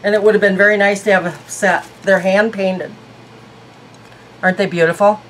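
A woman's voice: medium pitch, steady tone, moderate pace, pauses often, slight background noise, low-quality recording. A woman reviewing beauty products in a casual vlog, chatty and thinking aloud. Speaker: beauty vlogger.

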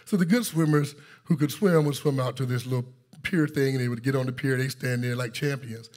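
A male pastor preaching a sermon, telling a story and calling out to his congregation, rising to excited intensity. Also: mid-range voice, a little fast. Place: church sanctuary.

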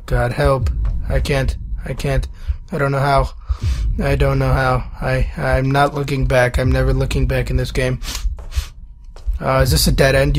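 A young man with a cold, nervously commenting on a horror game, yelping and swearing at scares. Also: mid-range voice. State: sick, rough-sounding voice. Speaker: gaming YouTuber.

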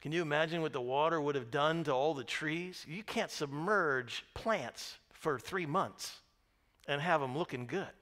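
A man pastor preaching a sermon, telling the story lively and asking the congregation questions. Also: fairly high pitch, a little slow. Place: church sanctuary.

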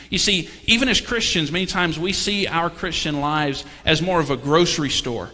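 A man's voice: fairly high pitch, moderate pace, few pauses, pushed and bright. A man preaching a sermon as pastor, talking conversationally and tossing rhetorical questions and jokes to the congregation. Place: church sanctuary. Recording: long reverb of a church hall.

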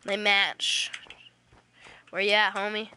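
A woman hosting a gaming channel chats casually while playing a game online, playfully trash-talking creatures in slangy let's-play chatter. Her medium-pitched voice is flat, slow, pushed and bright, with slight background noise.

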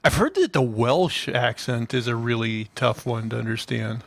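A man's voice: mid-range voice, expressive, moderate pace, vocal fry. A man co-hosting a comedy podcast, chatting loosely with lots of fillers and laughs. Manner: rambling, filler-heavy, laughing. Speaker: podcast co-host. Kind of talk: casual comedy podcast chat.

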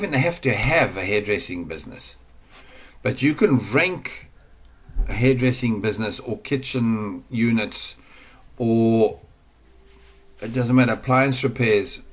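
A man in a home office walks through an online marketing lesson while sharing his screen. He talks in a loose, rambling, chatty way at an ordinary pitch and sometimes wanders away from the mic. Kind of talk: casual screen-share tutorial.

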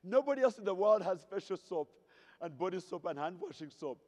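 Brisk and sing-song, the high-sitting voice of this keynote speaker from Zaire is a little mellow. At a convention in a hotel ballroom, he tells amusing stories and asks the audience playful questions. The hall is reverberant.

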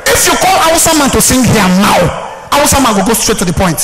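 A man with a Nigerian accent performing live stand-up comedy at a party, shouting his punchlines to the crowd. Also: very high voice, very animated, fast, poor audio.

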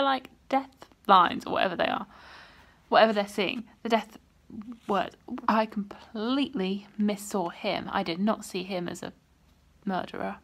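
A young woman chatting casually about a book she just read, excitable and full of "like". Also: mid-range voice, unhurried. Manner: animated, excitable, says "like" often. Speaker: reading vlogger. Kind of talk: casual book reaction chat.

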